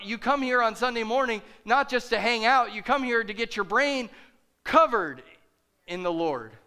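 Bright-voiced, passionate male pastor preaching. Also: sits high, clear, resonant tone. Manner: passionate, preaching with rising intensity. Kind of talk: sermon.

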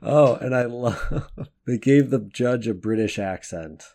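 A man's voice: mid-range voice, unhurried, darkish tone. A man co-hosting a podcast in casual chat, joking and chatty and laughing often as he talks. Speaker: podcast co-host.

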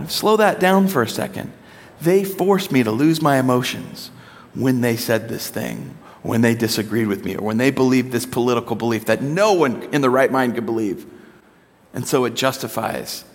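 Animated man preaching in a reverberant hall. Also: medium pitch, normal speed. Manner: animated, acts out children's voices. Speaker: speaker addressing a congregation. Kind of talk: sermon with personal stories.

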